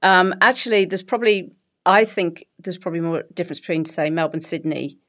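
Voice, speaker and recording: A middle-aged woman with an English accent, a guest telling her story in a lively conversational interview, laughing often. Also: fairly low pitch, fairly quick. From England.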